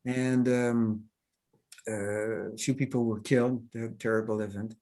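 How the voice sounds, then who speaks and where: A man's voice: on the low side, steady tone, a little slow, darkish tone. French-accented man talking over a video call. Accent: Québécois French. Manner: hesitant, many fillers and restarts, chuckling. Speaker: cartoonist.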